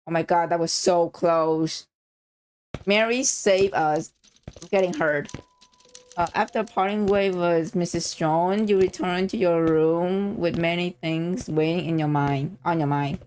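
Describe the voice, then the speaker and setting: Excitable woman streamer reading a game. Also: lowish voice, slow pace, a little hiss or hum. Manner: excitable, swears freely, frequent shocked reactions. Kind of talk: reading a story game aloud with live reactions.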